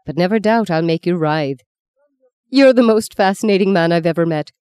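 A woman's voice: fairly low pitch, moderate pace, dark tone, clear, resonant tone, dry recording, lightly acted. A woman voicing a scheming, sardonic old woman who speaks curtly and mockingly. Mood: taunting. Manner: mocking, curt, taunting.

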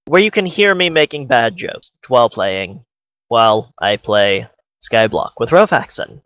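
A man's voice: mid-range voice, lively intonation, a little slow, a bit bright, clean tone, no echo, poor audio. A man co-hosting a casual comedy podcast, joking and rambling through his points with restarts and mock quotes. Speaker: podcast co-host.

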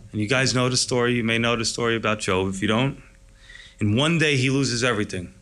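A man's voice: mid-range voice, brisk, fairly bright tone. A man preaching a sermon in an enthusiastic, conversational, storytelling way. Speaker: pastor.

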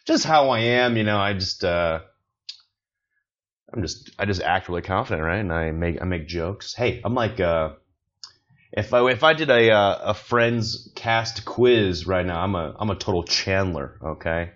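A man's voice: low-pitched, expressive, measured pace, fairly bright tone, lo-fi sound. A man hosting a casual solo podcast, rambling with many fillers and restarts, joking at his own expense. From not from China, living in Beijing. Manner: rambling, self-deprecating, lots of fillers and restarts. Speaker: podcast host.

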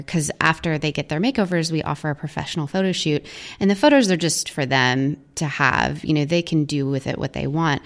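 A woman's voice: low-pitched, normal speed. A woman guest in a studio interview, telling stories about her charity event in a chatty way, full of fillers and quoted voices. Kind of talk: casual storytelling interview.

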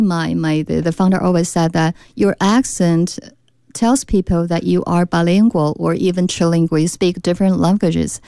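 A woman's voice: lowish voice, mellow, dry recording. A woman guest on a radio talk show, explaining her speech training company's courses with frequent fillers and restarts.

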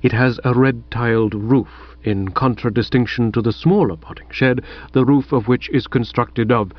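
A man voicing an imperturbable, formal male valet who speaks in a low, hushed, deferential tone. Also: normal speed, highs cut off, natural voice. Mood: measured.

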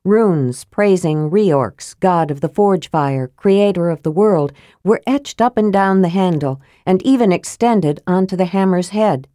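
A woman narrating a fantasy audiobook in a steady, measured reading voice, close to the mic. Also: fairly low pitch, no echo.

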